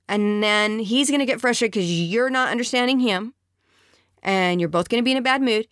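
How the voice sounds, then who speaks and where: A woman's voice: fairly high pitch, normal speed, a bit bright, no room sound, clean studio sound. A woman speaking earnestly and conversationally, giving relationship advice to other women.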